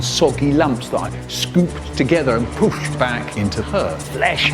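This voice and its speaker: A man telling a comic story in an expressive, dramatic and playful way. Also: on the high side, moderate pace, hardly any pauses, over music.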